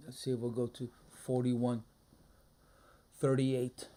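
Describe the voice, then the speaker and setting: A man streaming a live trading session, muttering his thoughts aloud in a low-key, halting way. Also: completely flat delivery, warm tone. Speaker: day trader streaming a live trading room. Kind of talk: casual live market commentary.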